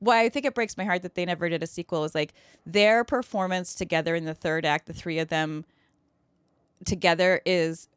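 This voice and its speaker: Brief: lower-voiced woman podcast guest, eager and full of fillers. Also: fairly quick, clear, resonant tone, no room sound. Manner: enthusiastic, rambling with many fillers. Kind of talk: casual podcast chat.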